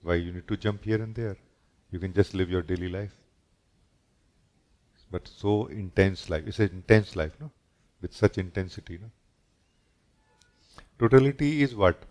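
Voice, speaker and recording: A man, a spiritual teacher, giving a gentle and reflective satsang talk, often closing his sentences with a questioning "no?". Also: low-pitched, normal speed, pauses often.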